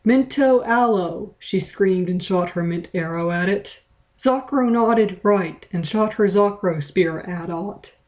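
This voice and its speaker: A woman's voice: lowish voice, measured pace, a little mellow. A woman reading a fan story aloud in a playful, dramatic way, with small stumbles. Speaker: reader. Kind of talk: read-aloud of fan fiction.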